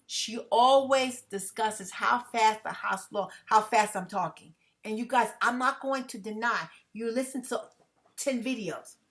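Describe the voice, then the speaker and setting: A tired woman talking fast and emphatically to her viewers in a casual vlog monologue, often checking in with "okay?". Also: on the high side, a bit bright. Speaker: vlogger.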